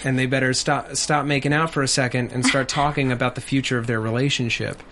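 A man's voice: medium pitch, steady tone, fast, fairly bright tone, a little hiss or hum. A man hosting a casual TV after-show chat, playful and speculative. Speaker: host.

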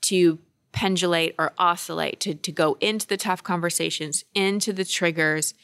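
A woman's voice: lowish voice, fairly even intonation, moderate pace, a bit bright, clean tone, dry recording. Earnest woman coach, dry close sound. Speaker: relationship coach and co-host. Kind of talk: casual podcast chat.

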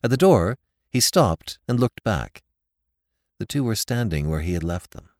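A man narrating a classic story with an expressive, dramatic reading. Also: on the low side, a little slow, dry recording, studio quality.

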